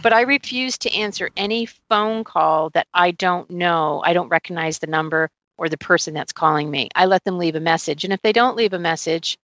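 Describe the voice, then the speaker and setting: A woman with a slightly low voice chatting casually, her sound dry and close. She rambles along with plenty of "you know" in her sentences. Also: brisk, hardly any pauses, fairly bright tone, no room sound, dull audio. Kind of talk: casual chat.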